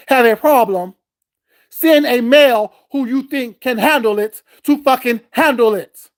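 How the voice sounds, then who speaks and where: Male vlogger, angry confrontational rant, heavy swearing, recorded at home. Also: very high-pitched. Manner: heated, profane, confrontational. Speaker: vlogger host. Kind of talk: ranting vlog commentary.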